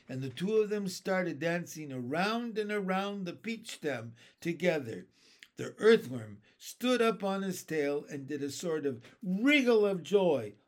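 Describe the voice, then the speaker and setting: Man reading a children's story slowly. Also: on the high side. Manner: expressive, unhurried reading. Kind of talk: reading a children's book aloud.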